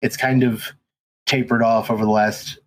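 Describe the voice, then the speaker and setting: A man's voice: medium pitch, little pitch movement, normal speed, slight background noise, poor audio. A man guesting on a podcast, telling stories in casual chat with lots of ums and restarts. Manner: rambling, many ums and restarts. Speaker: podcast guest, race commentator.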